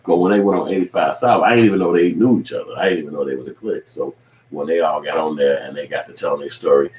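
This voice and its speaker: A man's voice: extremely low pitch, steady tone, fast talker, darkish tone, far from the mic. A man hosting his own show, giving a loose, profane recap with acted quotes. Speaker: online show host. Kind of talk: casual recap monologue. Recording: echoey room with faint ambient noise.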